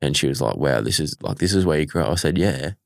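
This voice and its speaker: A man's voice: a bass voice, fast, vocal fry, no room sound, studio quality. A young Australian man, a professional punter, telling stories in an easygoing way as an interview guest. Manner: relaxed storytelling, easygoing. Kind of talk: casual interview chat.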